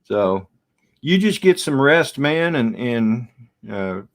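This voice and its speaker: Slow, rambling middle-aged man host. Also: medium pitch, big pitch swings. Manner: slow, rambling, reads out and answers viewer comments. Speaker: livestream host. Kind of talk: casual live-stream chat. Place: home, seated in front of his camera.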